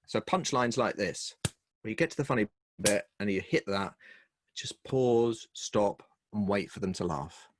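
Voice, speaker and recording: A middle-aged British man, a humor and speaking coach, telling lively stories with quick asides in a casual video-call interview. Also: lowish voice, dry recording. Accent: British English. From Britain.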